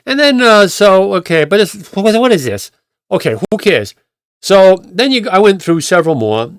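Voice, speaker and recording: A man's voice: on the high side, a bit bright, smooth, no echo, clean studio sound. A male pastor telling stories in a rambling, conversational way, with frequent restarts and acted-out quotes. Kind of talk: conversational sermon storytelling.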